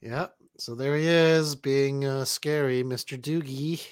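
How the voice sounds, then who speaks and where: A man's voice: medium pitch, steady tone, unhurried, smooth. A man chatting casually while reacting to a movie, joking along with his cohost. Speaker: movie commentator.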